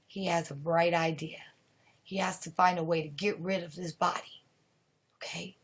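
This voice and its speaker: A woman's voice: on the low side, fairly even intonation, normal speed, husky, rough recording. A woman live streaming, telling a horror story in a rambling way, with restarts and dips into whispers.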